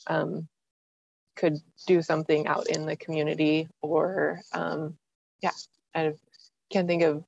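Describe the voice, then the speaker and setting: Gravelly, flat-voiced woman on a dull call. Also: low-pitched. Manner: hesitant, many fillers. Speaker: nonprofit staff member. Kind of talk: meeting update. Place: online video meeting. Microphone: video call.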